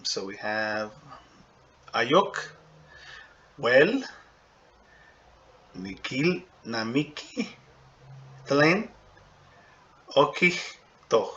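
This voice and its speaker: A man teaching a casual video lesson on a language, thinking aloud with fillers and checking in with "okay?" and "right?", and slowly sounding out example words. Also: medium pitch, bright, forceful tone, muffled recording.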